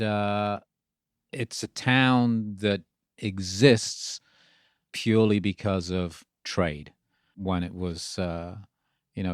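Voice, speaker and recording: A man's voice: low-pitched, dry recording, clean studio sound. A man in his sixties from Birmingham, England, with an English accent worn into an American one, telling his story in a rambling way in an interview. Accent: mixed English and American. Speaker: guest, radio DJ. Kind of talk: casual interview talk.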